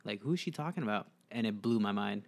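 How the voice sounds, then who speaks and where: A man's voice: fairly low pitch, animated, quick pace, creaky, dry recording. Joking young man, dry close sound. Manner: joking, swears casually. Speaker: podcast co-host. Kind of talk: casual movie recap chat.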